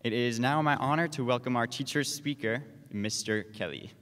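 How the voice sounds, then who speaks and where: A young male student stands before his graduating class and reads a formal introduction in an earnest, slightly stiff way. His mid-pitched voice carries through a big hall with long reverb. A faint murmur of the crowd sits behind him. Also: normal speed, fairly bright tone, slight background noise. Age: young adult. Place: large hall at a graduation ceremony.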